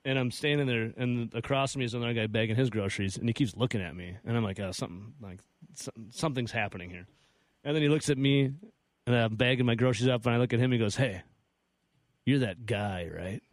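A man co-hosting sports talk radio, telling stories animatedly with quick laughs. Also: medium pitch, no echo. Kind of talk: casual radio banter. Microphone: studio radio mic.

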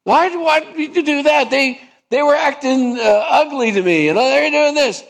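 A preacher voicing a defensive person who refuses to apologize, in a high, whiny tone. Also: male voice, moderate pace, creaky, fairly bright tone, full character voice. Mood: indignant. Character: indignant adult refusing to apologize.

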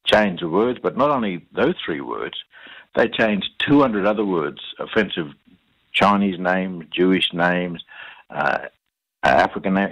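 An Australian man recounts his experiences in a low voice with a husky grain. He talks haltingly, full of fillers and repeated words. The recording sounds dull and lo-fi. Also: a bit bright. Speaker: interview guest. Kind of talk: conversational storytelling.

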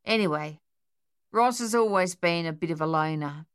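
A woman's voice: on the low side, normal speed, clear, resonant tone, close to an everyday voice. Woman voicing a tart, spry old woman. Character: sharp-tongued old woman, spry and wry. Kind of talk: audiobook character voice.

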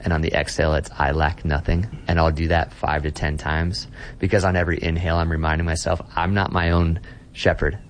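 A man's voice: low-pitched, flat delivery, quick pace, a little hiss or hum. A man who is a pastor, speaking as an interview guest in an earnest, reflective way, often restarting his sentences.

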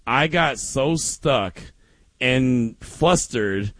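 Animated storytelling sports talk host. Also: male voice, medium pitch, extremely slow, no room sound. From Oakland. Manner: animated storytelling with frequent laughs.

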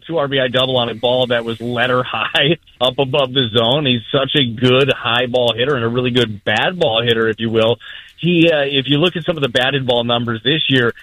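Male radio baseball analyst, brisk and fluent, dry close sound. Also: medium pitch, dry recording, low-quality recording. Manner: energetic, conversational, fluent breakdowns. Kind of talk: radio sports talk.

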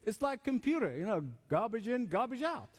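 A male pastor preaches in an emphatic, conversational way and leans on repetition. His voice sits high and moves up and down a lot. It rings out with a long reverb in a church hall. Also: very animated, fairly quick. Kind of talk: sermon.

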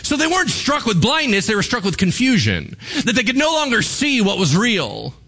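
A man preaching a sermon, telling a Bible story with lively asides and questions to the congregation. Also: high-pitched, normal speed. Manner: animated storytelling with asides to the audience. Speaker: pastor.

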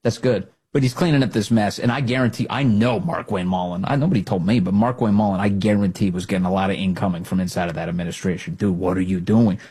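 A man's voice: fast, few pauses, slightly rough. A man hosting a talk radio show, giving opinionated political commentary with mocking asides. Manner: animated, mocking, swings into high sarcastic voices.

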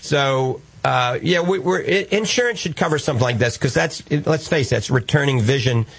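A man's voice: medium pitch, a little fast, breathy edge. A man with a New Orleans accent hosting a call-in radio show, talking in a folksy, reassuring and jokey way. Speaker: radio show host, doctor.

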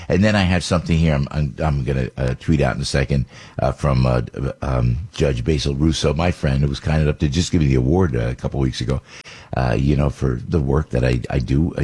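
A middle-aged American man with a very deep, husky voice hosts a talk radio show. He rambles from one opinion to the next and often restarts his sentences. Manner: rambling, animated, with many restarts and asides.

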